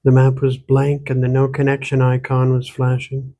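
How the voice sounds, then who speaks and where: A man, the author, reading his own gothic horror novel aloud in steady, measured storytelling. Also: medium pitch. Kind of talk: audiobook narration.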